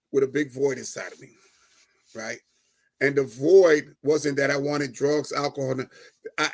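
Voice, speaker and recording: A middle-aged man giving a personal testimony as a guest, telling it in an animated way, acting out the dialogue and often checking in with "right?". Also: a little high. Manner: animated storyteller, keeps adding "right?"; acts out quoted dialogue.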